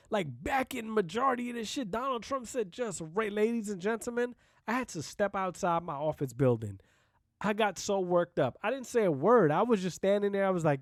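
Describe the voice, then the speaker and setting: Blunt, profane high-voiced male podcaster. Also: very animated, moderate pace, no room sound, clean studio sound. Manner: blunt, profane, conversational, with frequent "you know what I mean" asides. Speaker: podcast host. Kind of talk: casual solo podcast monologue.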